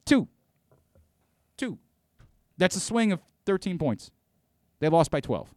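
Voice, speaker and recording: A man's voice: fairly high pitch, big pitch swings, normal speed, darkish tone, no room sound. A man hosting a sports talk radio show, ranting with exasperation and frequent restarts.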